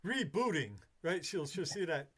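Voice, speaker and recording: A man with a notably high voice talks in loose, rambling chat. He swears freely and often restarts his sentences as he goes. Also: expressive, moderate pace, a bit bright. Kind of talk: casual chat.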